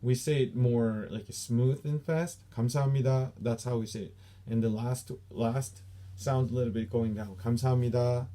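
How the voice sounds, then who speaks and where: A man's voice: medium pitch, dark tone. A man with a Korean accent, a taekwondo instructor, patiently explaining and repeating Korean training terms for his students. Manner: explains patiently, repeats each term slowly. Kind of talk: teaching Korean dojang terms.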